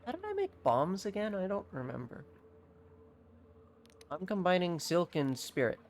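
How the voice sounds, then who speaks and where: Excitable game streamer. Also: mid-range voice, normal speed, a little hiss or hum. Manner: excitable, laughing, exclaiming. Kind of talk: casual gameplay commentary.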